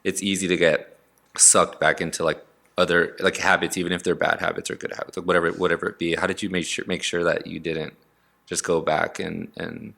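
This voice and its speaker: A man's voice: low-pitched, flat delivery, a little fast, vocal fry, pushed and bright. A man hosting a casual interview, asking long, hesitant questions full of fillers. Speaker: podcast host.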